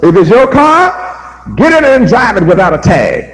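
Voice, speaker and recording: A man's voice: very high voice, very animated, moderate pace, rough recording. A man preaching a sermon, emphatic and repetitive, firing rhetorical questions at his listeners.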